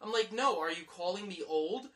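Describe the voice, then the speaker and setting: A man's voice: high voice, lively intonation, normal speed, sharp tone, slight background noise. A man in his thirties, co-hosting a podcast, delivering a vulgar, over-the-top comedic rant. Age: 30s. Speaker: podcast co-host.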